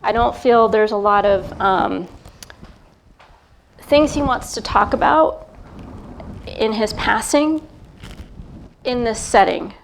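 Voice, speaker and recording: A middle-aged woman, a psychic medium, gives a gentle, hesitant live reading before an audience, pausing often as she feels her way. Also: on the high side, expressive, creaky, a little hiss or hum. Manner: gentle, hesitant, feeling her way with many pauses. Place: event talk in front of a live crowd.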